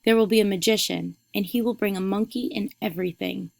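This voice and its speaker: A woman's voice: medium pitch, fairly quick, gravelly, natural voice. A woman teacher reading aloud as a proud, stubborn young girl who talks back to her mother. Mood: eager. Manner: defiant, pleading. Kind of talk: read-aloud storytelling.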